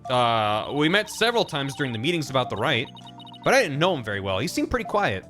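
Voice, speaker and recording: A man reading a game's dialogue aloud, voicing an earnest, cheerful young woman who is a spirit medium, talking in a bright, eager way. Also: mid-range voice, very animated, fast talker, faint music behind.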